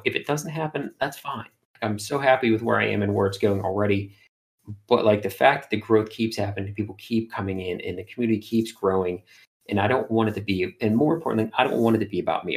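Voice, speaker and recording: A man, an art streamer, chatting in an interview and telling animated stories full of fillers. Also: fairly low pitch. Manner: animated storyteller, many fillers. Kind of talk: casual interview chat.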